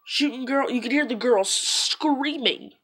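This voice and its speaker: A woman's voice: high voice, a little slow, a bit bright, slightly rough. A woman vlogger retelling events in a loose, rambling, conversational way. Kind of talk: casual retelling to camera.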